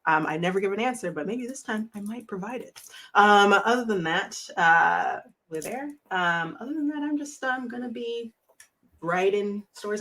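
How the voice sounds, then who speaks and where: A woman's voice: mid-range voice, fairly bright tone. A woman hosting an actual-play show, giving a rambling, emotional, casual sign-off and swearing freely. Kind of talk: casual end-of-stream sign-off.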